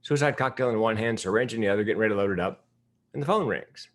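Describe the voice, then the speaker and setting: A man's voice: lowish voice, fast, natural voice. A man relaying the words of a woman doctor in a slightly raised voice, matter-of-fact. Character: woman doctor recalling her past, candid.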